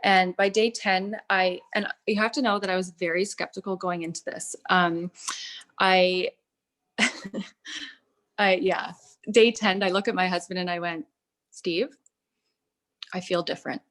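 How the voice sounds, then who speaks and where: A woman in her thirties telling her personal story in a testimonial, earnest and halting, with many fillers and restarts. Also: medium pitch, steady tone, fairly bright tone. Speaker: product testimonial speaker.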